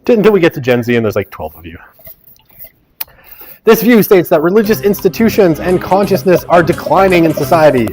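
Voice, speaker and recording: A man's voice: fairly high pitch, lively intonation, fairly quick, darkish tone, faint music behind. A man teaching a university sociology class, reading quiz questions aloud and joking with his students. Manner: joking asides, teasing students. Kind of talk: lecture running a class quiz. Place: lecture classroom.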